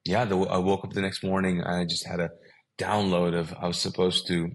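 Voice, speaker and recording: A man's voice: low-pitched, monotone, normal speed. A middle-aged man whose first language is Urdu, telling a personal story as a guest and acting out the dialogue in it.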